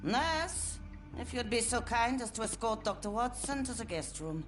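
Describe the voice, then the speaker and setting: An actress playing a courteous but menacing asylum director with smooth, formal speech. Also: female voice, a little high, sing-song, normal speed. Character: silky, sinister asylum director. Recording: game music underneath.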